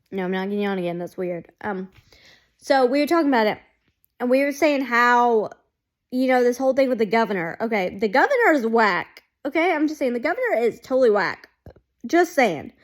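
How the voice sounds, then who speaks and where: A woman chatting casually to her camera as a fan vlogger, rambling and saying "like" constantly. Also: on the high side. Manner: rambling, heavy use of "like", chatty. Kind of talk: casual chat.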